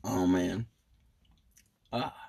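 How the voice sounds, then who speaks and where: A man co-hosting a casual podcast, laid-back and quick to laugh. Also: sits low, vocal fry, darkish tone, breathy edge, no room sound. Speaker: podcast co-host.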